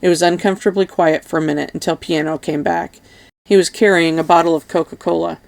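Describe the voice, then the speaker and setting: Low, gravelly woman reading an audiobook. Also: steady tone, fast, a little mellow. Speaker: audiobook reader. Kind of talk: audiobook narration.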